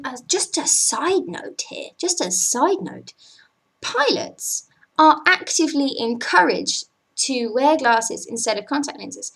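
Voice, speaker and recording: A woman's voice: sits high, vocal fry, a bit bright. A young woman who works as cabin crew, ranting in a vlog, exasperated and swearing, checking in with the viewer again and again. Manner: exasperated, swearing, keeps asking "okay?".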